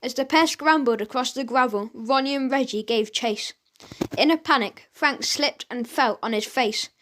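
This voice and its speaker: A woman narrating a children's audiobook in an expressive storytelling manner. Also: sits high, normal speed, a little hiss or hum.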